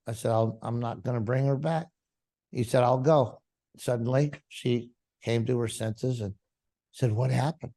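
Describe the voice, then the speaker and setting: A man's voice: mid-range voice, steady tone, unhurried, creaky, darkish tone. A male pastor giving a testimony to a congregation, retelling a story and acting out the dialogue.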